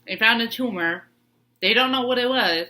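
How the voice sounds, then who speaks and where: A woman's voice: fairly high pitch, normal speed, pushed and bright. A woman with a stuffy nose from sneezing, telling a personal story in a rambling way with lots of fillers and restarts. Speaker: vlogger.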